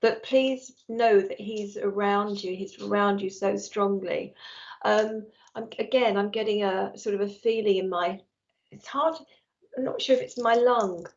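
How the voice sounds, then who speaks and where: Through earphones with a mic and slightly dull lo-fi stream audio, a woman psychic medium chats affectionately while reading viewers' messages on a live stream. Her medium-pitched voice is a little slow, with fairly even intonation.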